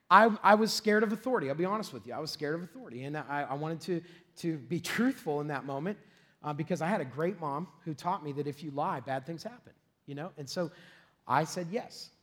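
A middle-aged man preaches from the pulpit in a fairly high voice. He tells a self-deprecating story with plenty of laughter, then builds to shouted, excited peaks. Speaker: pastor. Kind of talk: storytelling sermon.

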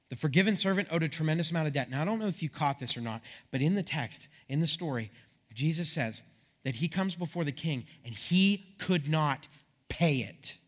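Animated male pastor preaching. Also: a little high. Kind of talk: sermon.

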